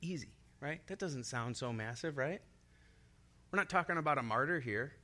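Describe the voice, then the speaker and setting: A man's voice: mid-range voice, expressive, normal speed, bright, forceful tone. A young man preaching a sermon in an upbeat way, laughing often and leading the congregation in call-and-response. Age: young adult.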